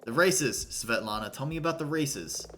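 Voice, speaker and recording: Brief: man doing an earnest, bright-toned young lawyer, inquisitive, plain delivery. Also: mid-range voice, expressive, normal speed, slight background noise. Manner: earnest, questioning, slightly hesitant. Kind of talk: reading game dialogue aloud.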